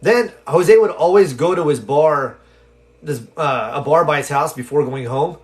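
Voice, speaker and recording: In no hurry, a man with a voice on the high side tells a story during his live stream while answering viewers' questions. He animatedly impersonates the people he quotes, speaking loosely with fillers and restarts.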